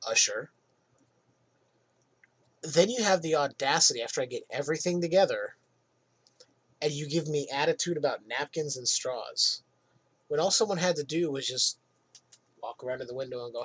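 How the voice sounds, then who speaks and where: A man hosting a podcast, telling casual anecdotes from his old job in an animated way. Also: on the high side, moderate pace, pauses often, slightly rough. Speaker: podcast host. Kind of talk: casual storytelling monologue.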